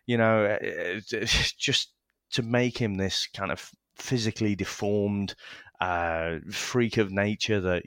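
Deep-voiced man, hoarse with a cold. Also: a bit bright, no room sound, studio quality. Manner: halting, many restarts and fillers. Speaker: podcast co-host reviewing a film. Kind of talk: casual film review chat.

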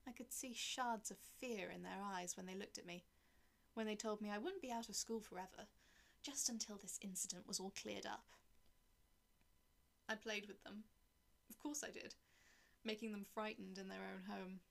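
A woman reading a dark first-person story aloud in a cold, detached way, often dropping to a whisper. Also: medium pitch, moderate pace, vocal fry. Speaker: narrator.

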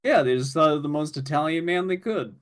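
A man's voice: on the high side, animated, brisk. A man co-hosting a casual comedy chat, rambling goofily with lots of filler words. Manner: rambling, goofy, fond of filler likes. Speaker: podcast co-host.

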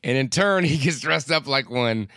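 A man's voice: medium pitch, animated, moderate pace, sharp tone, no echo. A man co-hosting a comedy podcast, reading stories aloud with frequent laughter. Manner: reads news aloud, laughs often. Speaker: podcast co-host. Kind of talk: comedic casual chat.

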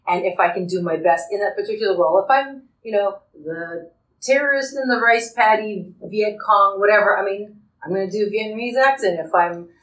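A woman's voice: medium pitch, a little fast. Woman actor, jokey and self-mocking, far from mic, echoey. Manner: self-mocking, joking, animated. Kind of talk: interview clip. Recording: echoey room, distant mic.

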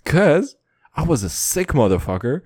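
Guy rambling thru a late night story, swears a ton, voice jumps all over, kinda high. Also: unhurried, husky, no room sound. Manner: animated, laughing between lines. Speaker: vlogger. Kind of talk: casual late-night monologue.

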